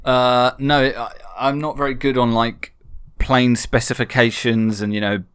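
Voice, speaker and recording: A man co-hosting a relaxed podcast, rambling through travel anecdotes and poking fun at himself. His voice sits in the middle range and sounds dry and close, with no room around it. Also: mid-range voice, unhurried, smooth, no echo. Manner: chatty, self-mocking storyteller. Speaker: podcast co-host. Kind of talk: casual podcast chat.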